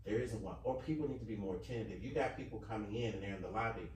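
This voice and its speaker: A man's voice: lowish voice, fast talker, darkish tone, a little hiss or hum. A man talking in a hotel room, complaining with emphatic indignation. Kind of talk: casual chat. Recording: roomy sound from far off.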